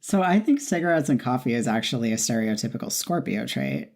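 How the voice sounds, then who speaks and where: A woman co-hosting a podcast, chatting casually in a matter-of-fact way, often chiming in with quick agreement. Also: rumbling low, big pitch swings, creaky, a little mellow. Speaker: podcast co-host. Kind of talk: casual chat.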